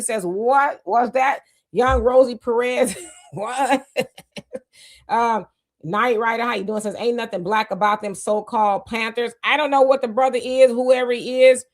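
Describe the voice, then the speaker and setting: A woman hosting a casual live stream, greeting viewers by name, reading their comments aloud and musing on them in a loose, unhurried way. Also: on the high side. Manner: loose, musing, often trails off with "I don't know". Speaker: livestream host.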